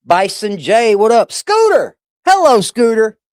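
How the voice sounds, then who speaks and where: A man's voice: high voice, very animated, a little slow, no room sound, clean studio sound. A man hosting a live stream in a casual, playful way, greeting chat viewers one by one.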